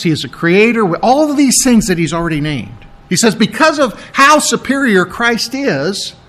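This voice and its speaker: A man's voice: high voice, a bit bright. A middle-aged man, a pastor preaching a sermon in a conversational, explaining manner, often repeating his words.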